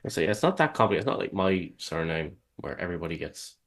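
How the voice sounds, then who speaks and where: A man's voice: low voice, expressive, fast talker, creaky. A man with an Irish accent co-hosting a podcast in easygoing, rambling casual chat. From Ireland. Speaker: podcast co-host.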